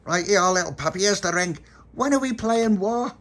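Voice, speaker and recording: A man's voice: medium pitch, animated, unhurried, fairly bright tone, pitched above the performer's own voice. A man voicing a clumsy, eager, simple-minded groom who talks bluntly and gets muddled.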